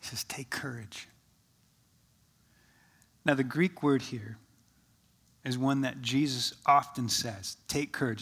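A man preaching a sermon as pastor, rising with energy, then dropping to a soft, slow hush for quoted words. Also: mid-range voice. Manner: shifts from lively to soft and slow when quoting Jesus.

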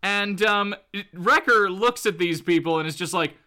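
A man's voice: sits high, normal speed, pushed and bright. A man hosting a podcast, recapping comics in a casual, laughing way with many fillers. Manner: laughing, filler-heavy storytelling. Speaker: podcast host.

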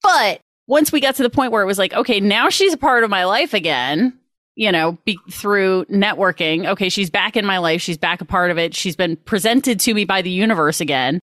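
A woman co-hosting a casual conversation who talks in a reflective way, thinking out loud. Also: mid-range voice, a little fast, few pauses, dry recording, studio quality.

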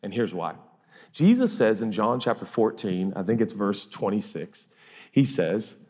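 A man's voice: lowish voice, very animated, normal speed, a little mellow. A man preaching a sermon as pastor, emphatic and repeating phrases for effect, in a large church hall. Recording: long reverb of a large hall.

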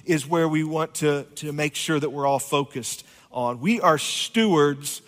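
A man's voice: a little high, measured pace, fairly bright tone, big-room sound. A man preaching a conversational sermon as pastor, joking with his congregation. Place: church sanctuary.

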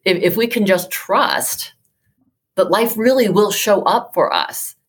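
A woman's voice: mid-range voice, a little slow. A woman in her fifties, a psychotherapist and life coach, telling a personal story in an interview, earnest and emotional, with many fillers and restarts. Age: 50s.

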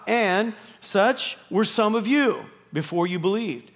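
High-voiced pastor preaching in a reverberant hall. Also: male voice, animated, slow, few pauses, fairly bright tone. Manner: conversational preaching, asks the audience rhetorical questions. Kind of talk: sermon. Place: church auditorium, live service. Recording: live church hall reverb.

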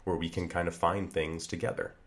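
Very deep-voiced halting comedy co-host. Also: male voice, flat delivery. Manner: earnest, halting, many fillers and restarts. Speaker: podcast co-host. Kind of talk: improvised comedy podcast chat.

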